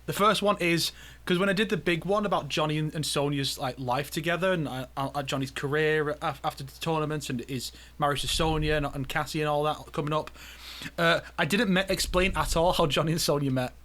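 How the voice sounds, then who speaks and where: Podcast guy, bright kinda high voice, keeps stammering and restarting. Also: steady tone, a little fast. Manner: stammering, restarts often, laughs easily. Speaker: podcast co-host. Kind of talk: casual chat.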